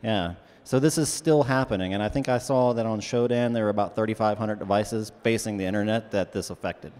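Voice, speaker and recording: A man's voice: fairly low pitch, a little fast, a little mellow. A man co-presenting at a conference, explaining things in a casual way. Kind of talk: conference talk. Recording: long hall reverb.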